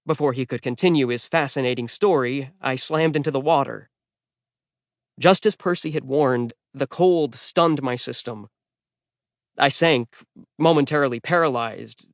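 Casting male audiobook narrator, mid pitch, wry deadpan read, dry booth. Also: no room sound. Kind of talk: first-person scripted narration. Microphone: close studio mic. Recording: dry studio recording.

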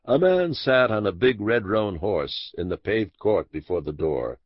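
A man narrating a classic mystery audiobook in a measured, expressive storytelling manner. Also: lowish voice, husky, dry recording. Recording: dull dry lo-fi audiobook recording.

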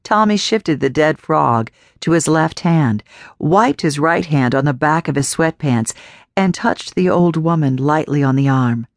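A woman narrating a horror novel audiobook in a measured, even storytelling voice. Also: low-pitched, no room sound, clean studio sound. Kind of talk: scripted narration.

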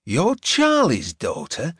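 A man's voice: a little high, big pitch swings, no echo, clean studio sound, voice pushed up. A male narrator voicing a flustered middle-aged man who hesitates and fumbles for words. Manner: hesitant, fumbling, halting with ums. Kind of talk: audiobook character voice.

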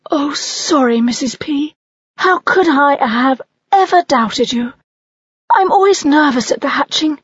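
A woman's voice: high-pitched, animated, measured pace, dry recording, highs cut off, pitched above the performer's own voice. A woman voicing an anxious young mother barn owl in a storybook, fluttery and fretful.

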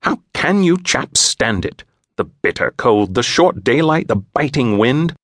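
A man voicing an anxious, pompous English gentleman with an English accent, formal and fretful in an audiobook. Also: mid-range voice, sing-song, unhurried, no room sound, clean studio sound, voice pushed up. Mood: indignant. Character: fussy, anxious English gentleman, short and balding.

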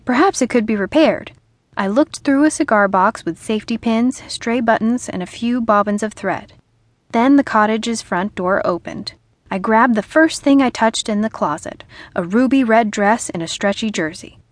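Female audiobook narrator, higher voice, dry close studio sound, comic first-person read. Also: normal speed, no echo. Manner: lively, comic storytelling. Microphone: studio microphone.

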